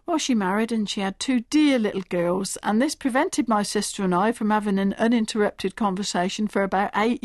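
A woman's voice: mid-range voice, darkish tone, no echo. A woman poet reading her own work, telling short stories and reciting comic verse in a droll, wry way into a close studio mic.

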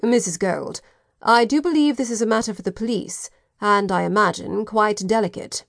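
A woman's voice: medium pitch, normal speed, creaky, no room sound, studio quality, natural voice. A woman doing a commanding British chief inspector. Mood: firm. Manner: formal, commanding. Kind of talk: audiobook character voice.

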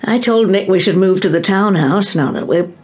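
A woman playing a genteel older wife, breathy. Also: medium pitch, normal speed, lightly acted. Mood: gracious. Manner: genteel, gently teasing, calls others dear. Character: older wealthy wife, gracious and teasing. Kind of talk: radio drama acting.

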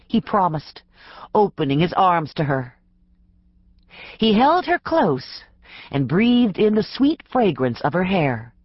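A woman narrating a mystery audiobook in a measured, expressive storytelling style. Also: fairly low pitch, slightly rough, no echo, lo-fi sound.

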